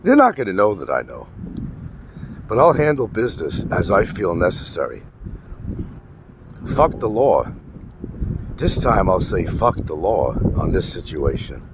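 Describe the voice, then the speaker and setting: Guy venting on his vlog, low voice that jumps around a lot, wind and traffic in the mic. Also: wildly swooping pitch, unhurried, long pauses. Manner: blunt and profane, repeating himself for emphasis. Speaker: vlogger. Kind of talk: casual ranting monologue. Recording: wind noise and traffic outdoors.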